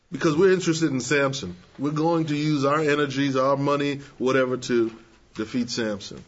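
A man preaching a sermon to young people, conversational and animated, acting out the scenes as he tells them. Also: mid-range voice, moderate pace. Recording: slightly dull lo-fi sound.

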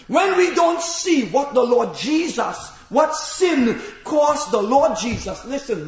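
High-voiced, impassioned male preacher in an echoey room. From immigrant to America. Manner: impassioned, often shouting, dramatizes Bible stories with quoted voices; repeatedly calls out "listen" to the congregation. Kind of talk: sermon. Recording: echoey, dull lo-fi sermon recording.

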